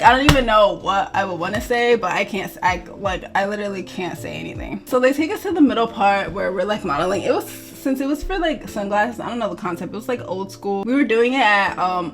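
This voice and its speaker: A young woman model telling a storytime vlog in a chatty, animated way, full of "like" fillers and acted-out quotes. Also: mid-range voice, a little fast, soft background music.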